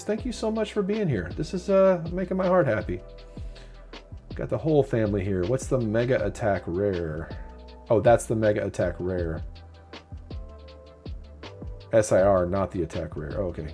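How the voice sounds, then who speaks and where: A man's voice: fairly low pitch, big pitch swings, moderate pace, warm tone. Chatty sentimental man hosting a stream. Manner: chatty, reads viewer comments aloud and answers them; openly sentimental. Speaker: live stream host. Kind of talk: casual live-stream chat. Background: faint lo-fi music.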